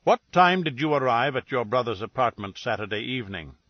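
Deliberate, formal older detective , read by a man, slightly low and unhurried; dull lo-fi sound. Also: animated, dry recording, lightly acted. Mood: measured. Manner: formal, measured and precise. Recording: dull lo-fi recording.

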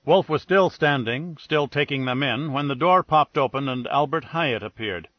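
A man's voice: mid-range voice, normal speed, dry recording. A man narrating a detective novel in a wry, matter-of-fact manner. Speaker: audiobook narrator. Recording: dull, dry studio read.

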